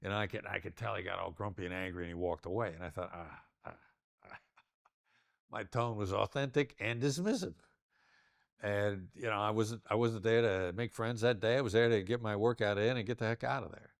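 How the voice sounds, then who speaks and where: Older male negotiation expert, low voice, plays with his tone to show each point. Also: moderate pace, gravelly, no echo, studio quality. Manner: demonstrative, varies tone to illustrate points. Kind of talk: interview conversation.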